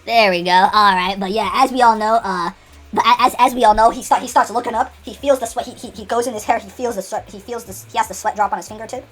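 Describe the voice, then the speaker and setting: A woman's voice: on the high side, steady tone, fast talker, a bit bright, faint music behind. A woman telling an unscripted comedic story, rambling with many restarts and laughs.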